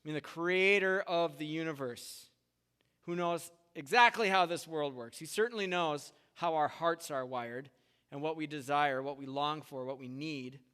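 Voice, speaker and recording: A man's voice: on the high side, moderate pace, clear, resonant tone. A man preaching a sermon as a pastor, in a conversational way, and acting out the people in the stories he tells. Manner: conversational, animated retellings with acted quotes. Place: church sanctuary. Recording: long church hall reverb.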